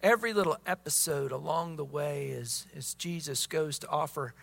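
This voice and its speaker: A man's voice: on the high side, moderate pace, creaky, fairly bright tone. A man preaching a sermon as pastor, emphatic, often repeating words as he presses his points.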